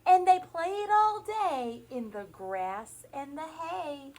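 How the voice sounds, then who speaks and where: A woman's voice: high-pitched, lively intonation, a little mellow. A woman teacher reading a picture book aloud to young children, stopping to ask questions and make animal noises. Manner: slow, sing-song storytelling with questions and animal noises.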